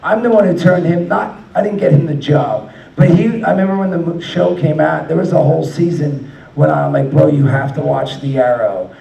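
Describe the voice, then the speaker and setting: Gravelly and dark yet fairly high in pitch, this man's voice moves at a moderate pace with the highs cut off. He's a convention panel guest spinning meandering, foul-mouthed stories, often laughing, recorded from a distance in a hall full of echo.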